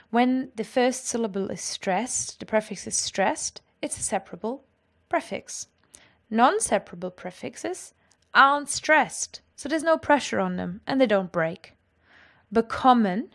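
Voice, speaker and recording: A woman explaining grammar in a clear, patient lesson. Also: a little high. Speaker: language teacher.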